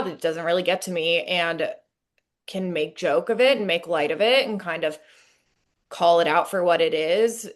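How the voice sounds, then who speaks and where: A woman therapist discussing a topic on a podcast, thoughtful and hesitant, with many fillers. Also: on the low side. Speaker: therapist guest.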